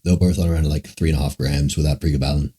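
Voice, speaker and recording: Dude with a super low husky voice rambling thru chat questions on stream, swears a lot. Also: male voice, fairly even intonation, very fast, warm tone. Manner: rambling, musing, frequent swearing. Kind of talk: casual livestream Q&A.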